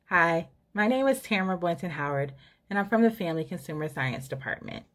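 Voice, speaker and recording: A woman's voice: on the low side, lively intonation, fairly quick, a bit bright. A woman teacher presenting a department award in a formal, praising manner.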